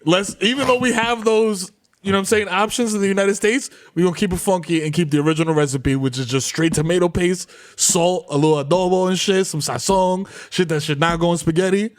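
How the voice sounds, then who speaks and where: A man's voice: high-pitched, a little fast. A man from the Bronx, co-hosting a comedy podcast, talking in slangy, profane, defiant banter. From the Bronx, New York. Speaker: podcast co-host.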